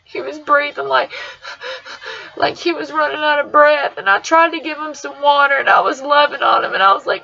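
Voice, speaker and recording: A woman's voice: sits high, moderate pace, creaky, a crowd in the background. A young woman tells a personal story for her vlog, in an emotional, rambling way. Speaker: vlogger. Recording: dull lo-fi sound.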